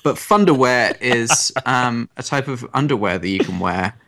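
A male co-host with a mid-range voice. He delivers ridiculous made-up stories deadpan and breaks into chuckles now and then. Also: mid-range voice, moderate pace. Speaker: podcast co-host. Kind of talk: comedic scripted banter.

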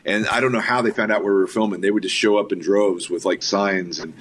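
Low-pitched male filmmaker guest, easygoing and enthusiastic anecdotes, faint hiss underneath. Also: fairly even intonation, quick pace. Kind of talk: casual storytelling interview.

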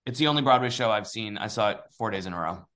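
A man's voice: on the low side, lively intonation, fast, a bit bright. A man in a casual chat, speaking in a hesitant, thoughtful way as co-host.

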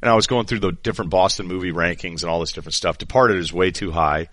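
A man's voice: sits low, fast talker, fairly bright tone, dry recording. A middle-aged man hosting a podcast, chatting in a rambling, joking way and often interrupting himself. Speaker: podcast host. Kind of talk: casual chat.

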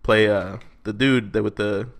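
A man's voice: fairly low pitch, steady tone, measured pace. A man co-hosting a podcast, talking about a movie in a laid-back, slangy way with casual swearing. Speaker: podcast co-host. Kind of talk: casual movie review chat.

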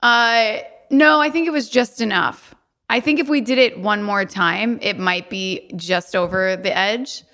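A woman's voice: medium pitch, unhurried, pushed and bright. A woman co-hosting a podcast in casual chat, bubbly and giggly. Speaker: podcast co-host.

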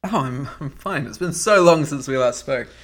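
A young man co-hosting a podcast, teasing his partner with wry, quick quips. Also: fairly high pitch, animated. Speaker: podcast co-host. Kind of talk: casual banter.

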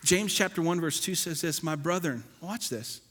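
A man preaching a sermon as pastor, animated, swinging between loud and soft and acting out churchgoers. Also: on the high side, normal speed, a little hiss or hum. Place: church sanctuary. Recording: long hall reverb.

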